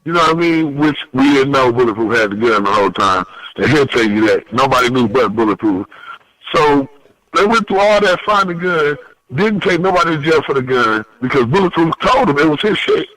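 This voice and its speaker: A man as a podcast guest telling a story in a lively, profane way, with big pitch swings when he quotes people. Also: brisk, no room sound, rough recording. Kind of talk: animated storytelling.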